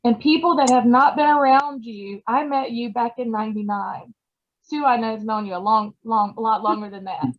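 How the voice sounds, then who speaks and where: A woman, her voice a bit higher than most, speaks through tears in a halting, choked-up way, filling pauses with "um." The sound comes over a video call and is dull and lo-fi. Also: steady tone. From Georgia, USA. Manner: choked up, halting, many fillers. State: tearful. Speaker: award recipient. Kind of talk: emotional acceptance speech.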